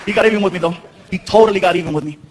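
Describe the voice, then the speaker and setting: A man doing stand-up comedy, an animated, slangy storyteller on a stage mic in a large theater. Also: high-pitched, very fast, very noisy. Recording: echoey theater with loud crowd.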